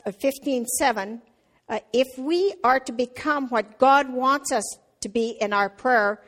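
A middle-aged woman giving a conversational sermon, with fillers and restarts, who gets loud and animated telling a family story. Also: sits high, a little slow. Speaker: church speaker.

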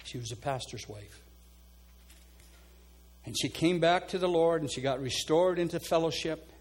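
A man preaching a sermon as pastor, calling people forward and then praying earnestly over them. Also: normal speed. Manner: earnest preaching, drops soft and low for quoted prayers. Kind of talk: sermon with altar call and prayer.

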